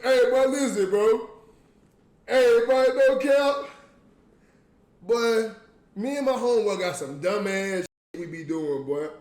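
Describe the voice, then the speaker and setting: A man putting on the voice of a loud, goofy young man who keeps repeating "boy" as he hypes up his homeboy. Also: sits high, takes it slowly, long pauses, roomy sound. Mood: boisterous. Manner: boisterous, repeats 'boy' constantly.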